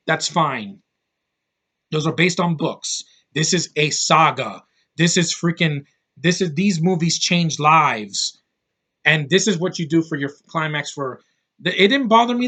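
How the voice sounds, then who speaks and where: A man in his thirties reviews a film in a loose, ranting way. He is blunt and swears freely, wandering off on tangents and padding his talk with fillers. His voice sits a little higher than most men's. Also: sharp tone. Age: 30s. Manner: blunt, profane, rambling with many fillers. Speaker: movie reviewer. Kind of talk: casual rant-style film review.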